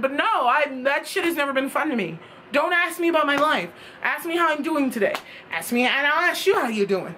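A woman's voice: high-pitched, animated, a little fast, pushed and bright, a little hiss or hum. A young woman telling a storytime tale in a casual, exasperated rant, swearing freely. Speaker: vlogger.

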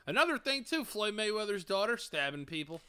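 Young man, podcast co-host, lively swooping pitch, bright tone, storyteller. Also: brisk, clear, resonant tone. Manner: animated storyteller, acts out voices. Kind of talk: casual comedic chat.

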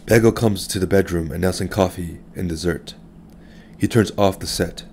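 A man narrating a literary story in the first person, calm and reflective. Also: low voice, moderate pace, a little hiss or hum. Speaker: audiobook narrator.

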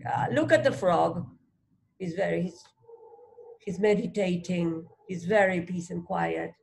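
A woman teaching a child to read, sounding out letters one by one and gently encouraging with prompts and questions. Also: fairly low pitch, measured pace, creaky, a little hiss or hum. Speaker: reading teacher. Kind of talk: phonics read-along lesson for a child.

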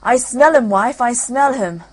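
A woman voicing a huge, greedy male ogre in a storybook reading, shouting his lines. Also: animated, measured pace, husky. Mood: bellowing. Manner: booming shouts.

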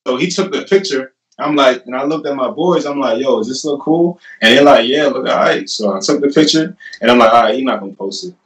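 Young male interview guest, casual storyteller who keeps retelling conversations, mid-pitched, recorded a little off-mic in an echoey room. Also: a little fast, few pauses. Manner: animated, laughing retelling with lots of "I'm like". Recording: roomy and a bit distant from the mic.

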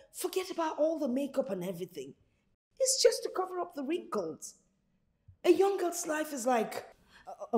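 A woman's voice: fairly high pitch, darkish tone. An actress playing a theatrical African mother who nags young women about getting married. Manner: theatrical, wailing and laughing, nagging. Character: pushy dramatic African mother, older woman.

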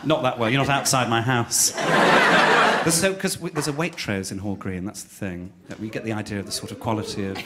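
A man's voice: fairly low pitch, fairly quick. A man, doing live stand-up comedy with camp, teasing banter and giggles at his own jokes. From Birmingham, England. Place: theatre stage with laughing audience. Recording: noisy live audience recording.

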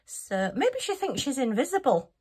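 A woman's voice: high voice, very animated, moderate pace, darkish tone. A woman hosting a craft channel, chatting through a casual unboxing review, giggly and poking fun at herself. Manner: chatty, giggly and self-mocking.

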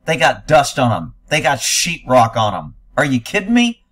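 A man's voice: mid-range voice, huge pitch swings, moderate pace, fairly bright tone. A man giving blunt, sarcastic, profane commentary while reacting to news footage.

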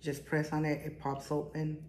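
A woman's voice: sits low, monotone, normal speed, darkish tone. Chatty middle-aged woman, echoey garage. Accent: strong non-native accent. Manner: chatty, rambling, enthusiastic. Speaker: jewelry vlogger. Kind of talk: casual haul vlog. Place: home garage workspace. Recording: echoey room, faint noise.

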